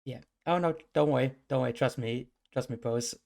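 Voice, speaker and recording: A man's voice: medium pitch, fairly quick, vocal fry, darkish tone. A man narrating as game master in a tabletop game, casual and laughing often, with many fillers.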